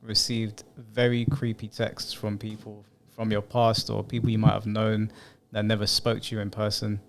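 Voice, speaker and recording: A man's voice: on the low side, completely flat delivery, moderate pace. A man co-hosting a casual podcast chat, reading messages aloud with sarcastic asides and laughter. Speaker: podcast co-host.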